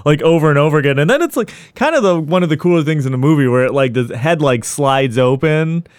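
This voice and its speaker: A man's voice: on the high side, lively intonation, quick pace, smooth, dry recording. A man casually recapping a film in a podcast chat, rambling with lots of fillers.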